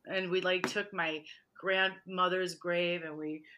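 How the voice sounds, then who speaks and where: A woman's voice: fairly low pitch, flat delivery, takes it slowly, bright, forceful tone, highs cut off, slight background noise. A woman guest in casual interview chat, talking in a chatty way, laughing often and acting out quotes. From Michigan, USA.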